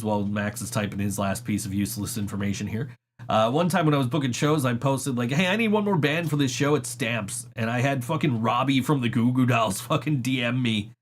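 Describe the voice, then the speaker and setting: A man's voice: mid-range voice, a little hiss or hum. A man hosting a podcast, chatting casually and rambling through stories with frequent swearing and laughs. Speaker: podcast host. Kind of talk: casual chat.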